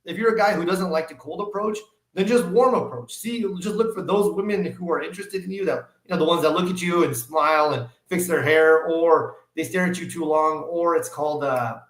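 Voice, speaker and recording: A middle-aged man chatting casually on a podcast, his voice sitting a little high for a man. He tells stories with animation and acts out each exchange. The room around him is echoey. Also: a little fast. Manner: animated storyteller, acts out dialogue.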